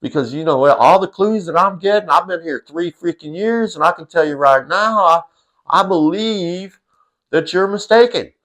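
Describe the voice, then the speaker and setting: A man voicing a quizzical little boy who slowly questions whether grown-ups are sure of themselves. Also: sits high, fairly bright tone, voice pushed up. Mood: doubtful. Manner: slow, questioning, drawn out. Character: quizzical toddler boy, doubtful and earnest.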